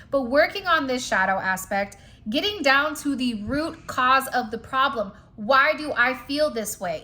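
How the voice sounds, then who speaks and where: A woman's voice: sits high, sharp tone. A woman who reads cards for spiritual guidance. She talks straight to her viewers in a chatty, emphatic way and keeps dropping in "like" and "you know.". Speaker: spiritual card reader. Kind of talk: direct-to-camera spiritual reading.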